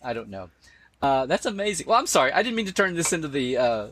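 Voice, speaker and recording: A man's voice: fairly high pitch, sing-song, fast talker, a bit bright, slight background noise. A man being interviewed, talking casually and with enthusiasm, often quoting favorite lines and restarting his sentences. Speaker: guest, Star Trek expert.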